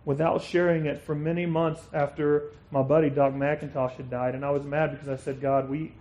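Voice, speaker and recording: A man preaching a sermon in an earnest way, reading scripture with emphasis and dropping to a quiet tone for reflection. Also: fairly high pitch, flat delivery, fairly quick. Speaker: pastor.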